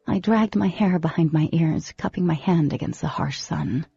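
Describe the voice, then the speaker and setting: A woman narrating a first-person audiobook in an expressive, dramatic storytelling manner, on a close microphone. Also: low-pitched, normal speed, creaky, slightly rough, highs cut off.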